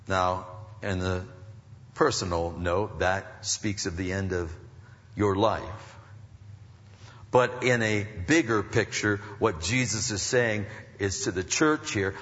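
A male pastor preaching a sermon, swinging from soft, low passages to loud, high, emphatic stretches. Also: takes it slowly. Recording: muffled recording in a reverberant hall.

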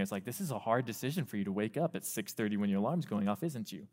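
A man preaching a sermon to a youth group, animated, acting out the voices of parents and teens. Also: on the low side, fast talker, hardly any pauses. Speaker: youth pastor. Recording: long reverb of a hall.

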